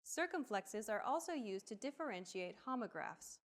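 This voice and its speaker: A woman's voice: fairly high pitch, lively intonation, normal speed, soft background music. Woman reading lesson explanations. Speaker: lesson narrator. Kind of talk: scripted lesson narration.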